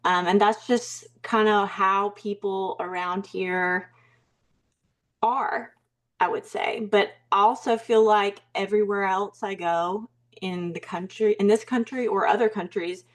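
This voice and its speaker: A woman's voice: mid-range voice, fairly even intonation, a little slow. A young woman from Alabama with a Southern accent, speaking as an interview guest in a hesitant, reflective way with many fillers and restarts. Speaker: mindset coach, guest. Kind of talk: casual interview talk.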